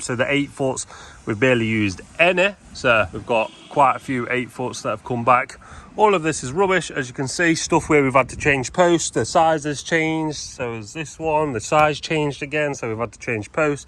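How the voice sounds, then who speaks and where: A man's voice: on the high side, fairly bright tone. A man giving casual vlog commentary to viewers while he works on fencing jobs outdoors, matter-of-fact and chatty. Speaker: fencing tradesman vlogger. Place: outdoors at work sites and a yard, windy. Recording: wind noise outdoors.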